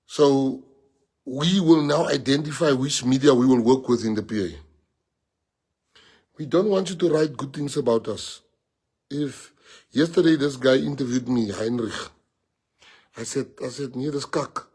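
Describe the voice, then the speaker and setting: Husky South African man rallying supporters. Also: medium pitch, measured pace, long pauses, a little mellow. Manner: emphatic and repetitive, mixing in Afrikaans phrases. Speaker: party leader. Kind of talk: rallying address to supporters on a livestream.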